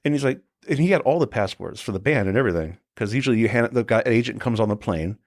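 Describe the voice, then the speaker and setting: A man working in celebrity security, telling profane, animated stories as a podcast guest and acting out the people in them. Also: medium pitch, fast talker. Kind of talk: casual anecdotal storytelling.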